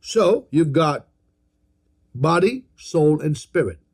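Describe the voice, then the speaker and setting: Slow, emphatic preaching man. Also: a little high, very animated, breathy edge. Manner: call-and-response preaching, repeats key phrases; slow and emphatic, reads scripture aloud. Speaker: pastor. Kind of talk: sermon.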